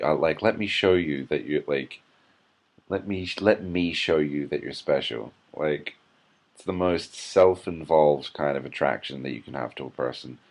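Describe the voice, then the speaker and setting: A hungover man giving an irritable, swearing running commentary as a vlogger. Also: extremely low pitch. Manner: irritable, swearing, sighing rant.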